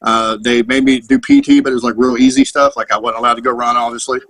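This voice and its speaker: A husky-voiced man in his thirties spins profane, meandering stories from his service days. His pitch sits in an ordinary middle range, and the delivery is loose and conversational, like a guest swapping tales with old friends. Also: fast, no room sound, rough recording. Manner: profane, rambling, animated anecdotes. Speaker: podcast guest, Marine veteran. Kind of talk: casual storytelling.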